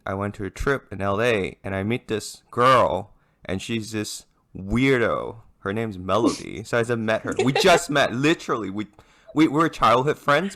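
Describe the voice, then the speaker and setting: A young man from Hong Kong, a podcast host telling a story in casual chat with lively restarts. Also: fairly low pitch. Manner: animated storyteller, many restarts.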